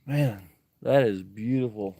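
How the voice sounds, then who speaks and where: A man's voice: on the low side, slow, dark tone. Earnest man at a campfire. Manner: earnest, emotional, thankful, reads viewer comments aloud. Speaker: camping livestreamer. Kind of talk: casual livestream chat. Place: outdoors at a woodland campsite.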